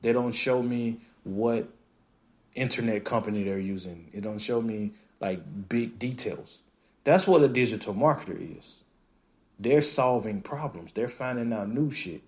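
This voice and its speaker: A man hosting a podcast, talking in a casual, animated monologue that acts out quoted voices and swears freely. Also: mid-range voice, unhurried. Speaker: podcast host.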